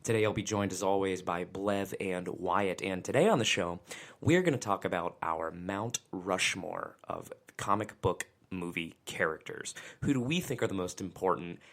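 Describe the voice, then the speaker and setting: A man's voice: sits low, expressive, moderate pace. A man hosting a casual podcast with friends, giving upbeat announcer-style intros and laughing often. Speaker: podcast host.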